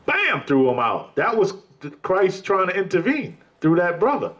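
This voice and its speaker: A man's voice: medium pitch, big pitch swings, a little slow, few pauses. Male preacher, mid-range voice, emphatic colloquial sermon delivery with frequent "brother" asides. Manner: emphatic, repeatedly addresses listeners as brother.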